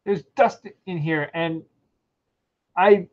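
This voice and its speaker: A man's voice: high voice, takes it slowly. A man voicing a panicky human crewman who keeps sneezing and sniffling, read aloud from a story in a lo-fi recording. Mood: flustered. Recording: dull lo-fi sound.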